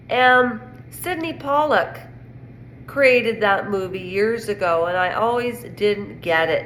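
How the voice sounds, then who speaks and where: A woman's voice: medium pitch, fairly bright tone. A woman from Canada giving a rambling, indignant casual opinion monologue on pop culture. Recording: echoey room with faint noise.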